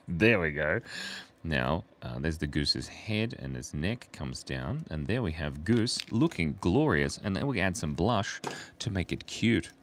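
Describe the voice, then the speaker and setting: An Australian man streaming live, chatting playfully with his viewers while he draws and murmuring softly as he sketches. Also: deep voice, very animated, unhurried, slight background noise. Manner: playful, reads chat aloud, murmurs softly while drawing. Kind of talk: live-stream drawing chat.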